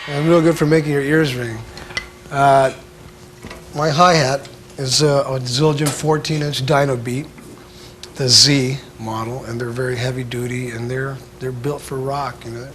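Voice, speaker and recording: A man giving a casual drum lesson, talking in a laid-back, halting way full of filler sounds. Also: medium pitch, steady tone, very noisy. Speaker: drum instructor. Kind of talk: casual instructional talk.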